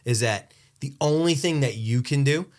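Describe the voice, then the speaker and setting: A man in his thirties co-hosting a podcast, talking in a halting, reflective way with many restarts. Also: mid-range voice. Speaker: podcast co-host. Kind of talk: casual chat.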